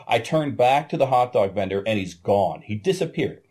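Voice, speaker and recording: Male guest with a warm, relaxed voice; lively, profane storyteller in loose conversation. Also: mid-range voice, normal speed. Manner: animated, profane anecdote-telling. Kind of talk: casual storytelling chat.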